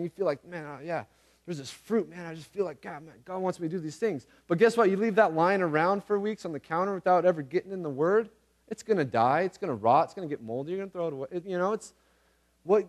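Earnest, slightly high-voiced male preacher. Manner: earnest, repeats phrases for emphasis; casual slang in preaching. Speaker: pastor. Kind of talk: conversational sermon.

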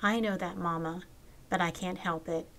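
A woman's voice: fairly low pitch, steady tone, normal speed, a bit bright. A woman voicing a young girl who misses her absent father, speaking in a pleading, plaintive way.

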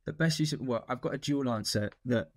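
A man's voice: mid-range voice, a little fast, dry recording. A man, a guest in an interview, talking thoughtfully about films with many restarts. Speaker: actor guest. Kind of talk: casual interview chat.

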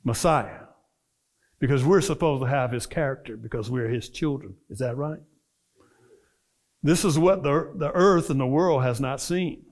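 A man's voice: mid-range voice, normal speed. A middle-aged man, a minister, preaching a storytelling sermon and acting out the voices of people in his stories.

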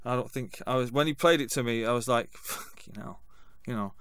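A man's voice: medium pitch, fairly quick, fairly bright tone, clear, resonant tone, no room sound. A man chatting in an interview, dry and sardonic, swearing as he teases. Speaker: band member and songwriter. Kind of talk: casual interview chat.

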